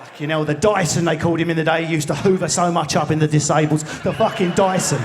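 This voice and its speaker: A man's voice: fairly high pitch, steady tone, fast, noisy background. A man with an Essex and London accent doing live stand-up comedy in a large theatre, brash, sweary and baiting the crowd. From Enfield, England.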